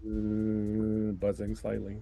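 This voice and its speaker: A man's voice: lowish voice, monotone, slow pace, creaky, mellow, faint music behind. A man running a tabletop game as game master, narrating loosely with plenty of fillers and restarts.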